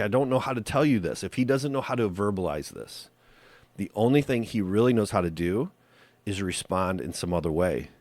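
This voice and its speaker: A man with a very low voice talks earnestly and conversationally, giving faith-based relationship advice as a podcast host. He often stops to ask rhetorical questions. His voice sounds dry and close, with no room echo.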